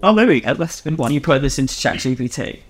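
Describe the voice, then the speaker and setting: A man playing in a tabletop game, chatting casually with quick interjections. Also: fairly high pitch, animated, soft background music. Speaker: player.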